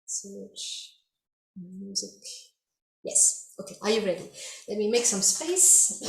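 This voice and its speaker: A woman's voice: mid-range voice, lively intonation, slow, vocal fry, pauses often. A woman teaching a dance workshop, encouraging her students and calling out drum sounds along to the music. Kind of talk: online dance workshop instruction. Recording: echoey room with loud music. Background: loud music playing.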